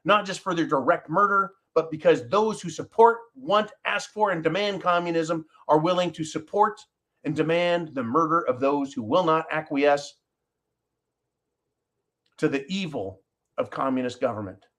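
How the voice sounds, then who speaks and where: Hosting a live stream, a man speaks passionately and emphatically to viewers he calls folks, swearing freely. His voice is a little high and a bit bright, at normal speed.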